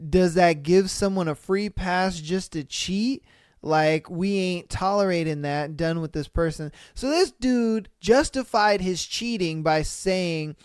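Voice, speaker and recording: Lively, unhurried man cursing in disbelief. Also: high-pitched, no echo, studio quality. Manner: profane, incredulous, bursts into loud laughter. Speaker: podcast host. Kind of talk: casual podcast commentary reading listener posts.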